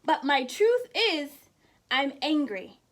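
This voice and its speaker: A high-pitched woman hosts a casual, inspirational live stream. She is chatty and laughs often as she speaks straight to her viewers, calling out their names. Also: sing-song, slow pace. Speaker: host of a weekly live show.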